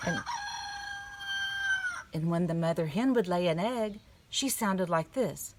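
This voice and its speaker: A woman giving a gentle storytelling lesson to young children at a table. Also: lowish voice, lively intonation, slow pace, noisy background. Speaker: children's church teacher. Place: indoors at a table.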